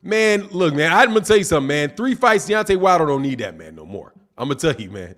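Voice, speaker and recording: A man's voice: on the high side, big pitch swings, fast, a bit bright. A man hosting a live boxing stream, reading chat comments and answering them in a combative, teasing way with lots of "man" and "dog". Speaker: boxing channel host.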